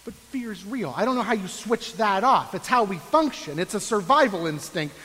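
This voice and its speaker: A man's voice: high voice, animated, normal speed, pushed and bright, long reverb tail, low-quality recording. A man preaching a sermon with a sarcastic, mock-complaining edge before turning earnest. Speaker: pastor.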